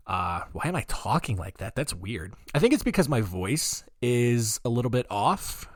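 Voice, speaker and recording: A podcast host with a deep, groggy morning voice tells odd history stories with sarcastic asides. His delivery is loose and rambling, full of "uh" and "um," and it sounds dry and close to the mic. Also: very animated, moderate pace, hardly any pauses, no room sound. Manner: rambling, jokey asides, frequent fillers. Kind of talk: casual comedic storytelling.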